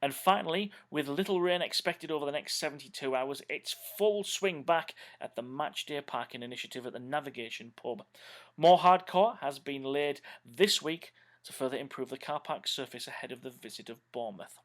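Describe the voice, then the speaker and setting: A man's voice: medium pitch, moderate pace, a bit bright. Man reading an upbeat fan news bulletin. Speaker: newsreader for a fan channel.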